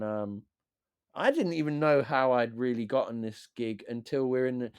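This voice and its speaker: A man, a DJ and beat maker who is a guest on a podcast, telling stories in a lively, swearing, casual way and acting out what others said. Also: medium pitch, smooth, no echo, studio quality. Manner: animated, swears freely, acts out quotes. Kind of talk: casual storytelling chat.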